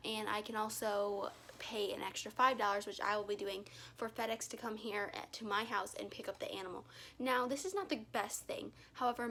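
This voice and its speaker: A woman's voice: a little high, creaky, bright, forceful tone, a little hiss or hum. A woman giving a casual how-to at home, rambling with frequent "um"s and self-corrections, filming on a phone camera. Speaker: reptile keeper vlogger. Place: her home, indoors.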